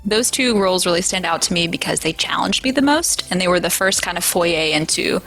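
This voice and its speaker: A woman's voice: on the low side, expressive, brisk, fairly bright tone, faint music behind, poor audio. A woman voice actor talking casually in an interview, chatty and self-deprecating.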